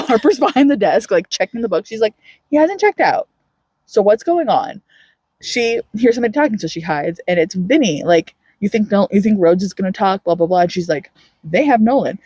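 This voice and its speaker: A woman's voice: medium pitch, husky, dry recording. A woman co-hosting a book podcast, retelling a novel's plot in casual chat and acting out the characters' lines with lots of laughter. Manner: animated storytelling with frequent laughter and acted-out quotes. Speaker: podcast co-host.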